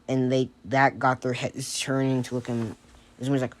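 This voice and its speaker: A man's voice: medium pitch, flat delivery, moderate pace. A man casually improvising a fan-fiction story aloud, hesitant with many fillers and restarts.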